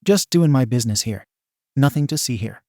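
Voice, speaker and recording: A man's voice: mid-range voice, animated, brisk, mellow, no room sound, clean studio sound, close to an everyday voice. A man voicing a mischievous teenage boy with cartoon powers in a storybook reading, theatrical and mocking. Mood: gruff put-on.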